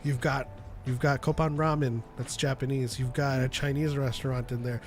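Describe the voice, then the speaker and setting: A man's voice: medium pitch, level tone, moderate pace, a little hiss or hum. A man co-hosting a live call-in show, chatting casually, rambling and laughing at his own stories while he reads out the chat. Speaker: co-host reading live chat.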